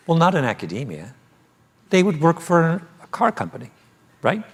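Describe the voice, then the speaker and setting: Author on stage, lively storyteller with a very expressive, swinging pitch. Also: male voice. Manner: animated storytelling, laughs often. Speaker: author being interviewed. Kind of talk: live stage conversation. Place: theater stage before an audience.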